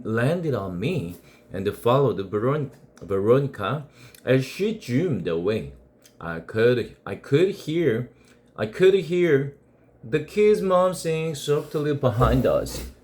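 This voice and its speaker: A man from South Korea, an English teacher, reading a novel aloud in a slow, expressive way. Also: medium pitch.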